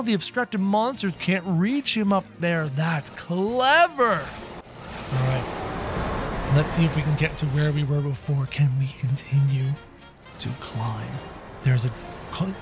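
A man giving excited gameplay commentary to his viewers. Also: on the high side, a little slow, music in the background. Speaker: gaming youtuber.

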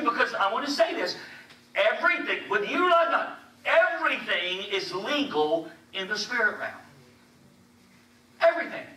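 A man preaching a sermon, telling a story in an animated way. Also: very high voice, moderate pace. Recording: echoey hall, distant mic, faint hiss.

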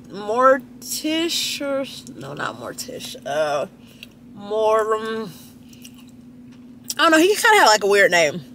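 Gossipy woman with lively pitch. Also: slight background noise. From Dallas, Texas. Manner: gossipy and chatty, swooping pitch jumps. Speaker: lifestyle vlogger. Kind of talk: casual chatty vlog talk to camera. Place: at a restaurant, people watching.

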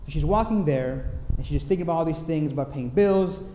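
Mellow-voiced preacher in an echoing church. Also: male voice, a little high, a little hiss or hum. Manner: earnest, unhurried storytelling with pauses. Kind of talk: sermon storytelling. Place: large church sanctuary. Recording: echoey church hall with long reverb.

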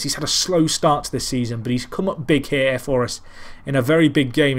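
Man rambling over a football game. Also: mid-range voice. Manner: rambling, self-deprecating, calls the match like a commentator. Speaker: gaming commentator. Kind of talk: casual Let's Play commentary.

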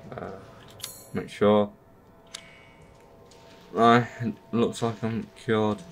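A man playing a horror game, muttering to himself between yelled insults at the enemies. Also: lowish voice, fairly even intonation, extremely slow. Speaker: gamer. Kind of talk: gameplay commentary.

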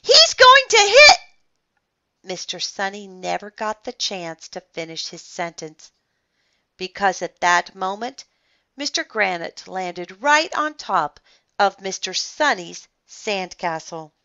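A woman reading a children's book aloud in an expressive, animated storytelling manner. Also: lowish voice, slow, highs cut off.

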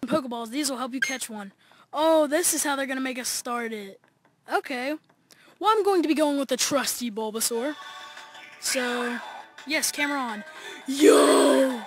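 A male gaming YouTuber giving excited, chatty gameplay commentary from his backyard, talking straight to viewers. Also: extremely high pitch, normal speed, soft background music. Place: backyard, outdoors.

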